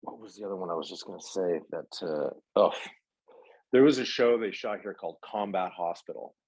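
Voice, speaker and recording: A man with a deep voice speaks in a relaxed interview, rambling through stories with fillers and restarts. His tone is husky and the sound is dry and close. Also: fairly quick, dry recording, lo-fi sound. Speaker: actor guest. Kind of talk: casual interview chat.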